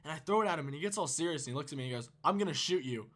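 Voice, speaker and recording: A man's voice: on the high side, expressive, racing. A teenage man telling a storytime vlog, casual and profane, rambling and laughing. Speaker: YouTuber.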